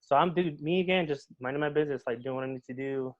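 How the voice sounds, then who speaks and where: A young man telling a story in casual chat on a podcast, animated and swearing a lot. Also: a little high, quick pace, highs cut off. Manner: animated, swears often, says "bro" and "dude". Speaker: podcast guest.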